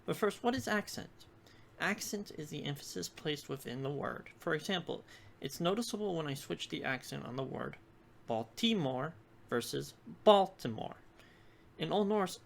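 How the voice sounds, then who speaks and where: A narrator with a gravelly, fry-edged voice at a middling pitch works through a lesson in a steady, explanatory way. Each example is spelled out carefully, and a faint hiss sits under the voice. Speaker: video lecturer. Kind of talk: scripted educational narration.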